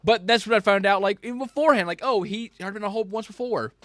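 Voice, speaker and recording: A man telling a work story in casual chat, animated and profane, jumping between loud rants and quiet asides. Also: high-pitched, fast talker. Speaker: podcast host.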